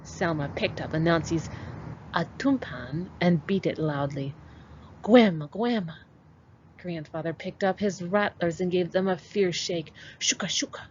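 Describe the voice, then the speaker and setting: A kindergarten teacher, a woman, reading a picture book aloud to children and walking them through it in an expressive way. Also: on the low side, a little slow. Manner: expressive, animated read-aloud. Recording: dull lo-fi with faint hiss.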